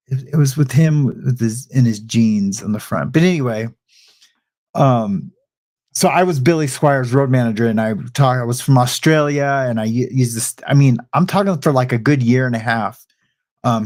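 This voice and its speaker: A man's voice: medium pitch, normal speed, darkish tone. A middle-aged man hosting a livestream, chatting loosely with his audience and drifting into a rambling story. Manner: rambling storyteller, frequent restarts and asides. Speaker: livestream host. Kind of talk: casual chat with a live audience.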